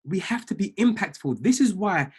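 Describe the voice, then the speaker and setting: A man's voice: high voice, animated, normal speed, slightly rough. A man, a trading mentor giving a fired-up motivational talk on a group call, repeating phrases like a preacher.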